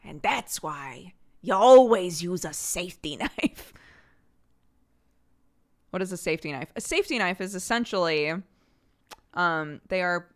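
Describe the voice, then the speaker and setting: A woman in her thirties streaming, chatting casually and rambling through viewer questions with many restarts. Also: on the low side. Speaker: livestreamer.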